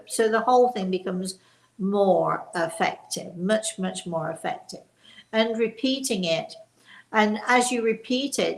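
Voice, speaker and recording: A woman's voice: medium pitch, roomy sound, low-quality recording. An older woman hosting a live-stream chat, teaching in a chatty way and stressing key words. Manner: emphatic on key words, warm chatty restarts. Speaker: host and spiritual teacher.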